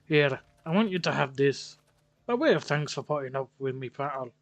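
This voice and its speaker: A man's voice: medium pitch, animated, moderate pace, close to an everyday voice. A man reading a friendly traveling merchant's lines aloud in a put-on mix of Scottish and Irish accents.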